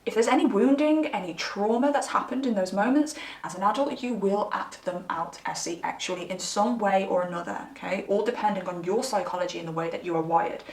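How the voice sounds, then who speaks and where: A woman's voice: medium pitch, fairly quick, few pauses, darkish tone, roomy sound, recorded from a distance. Chatty woman giving a tarot reading. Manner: chatty, candid, addresses viewers directly. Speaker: tarot reader. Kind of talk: pick-a-card tarot reading.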